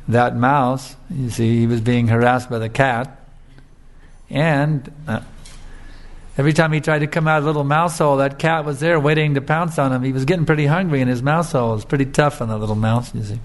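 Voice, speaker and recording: A man giving a sermon, telling a fable in a relaxed, conversational way with frequent filler tags. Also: medium pitch, normal speed. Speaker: preacher. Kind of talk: sermon with storytelling.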